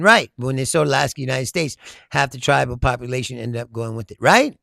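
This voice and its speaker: This is a middle-aged man with a medium-pitched voice carrying vocal fry, speaking at normal speed. He hosts an informal political chat, reading comments from viewers and replying with lively, swear-filled stories punctuated by laughter. The studio-quality audio has no room sound.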